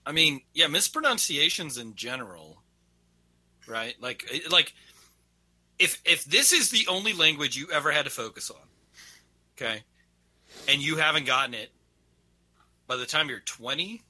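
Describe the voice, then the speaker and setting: A man whose first language is Afrikaans rants in casual podcast banter. His voice is very bright and a little high. He talks in an animated way. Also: moderate pace, pauses often. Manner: animated, ranting. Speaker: podcast co-host.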